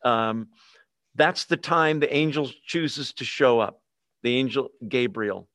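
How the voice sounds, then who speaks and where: A man's voice: medium pitch, slow pace, a bit bright, no room sound, studio quality. A pastor preaching a conversational sermon to a live and online congregation, often asking his listeners questions.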